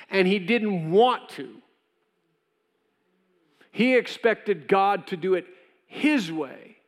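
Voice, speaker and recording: In a church with the sound of a large hall, a male pastor with a slightly high voice preaches conversationally. He briefly acts out the voices of people in his story, including God and Cain.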